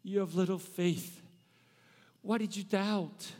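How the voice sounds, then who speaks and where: A man voicing a compassionate master who gently reassures and encourages a disciple. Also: high voice, fairly even intonation, slow, long reverb tail. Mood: encouraging. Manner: warm, reassuring.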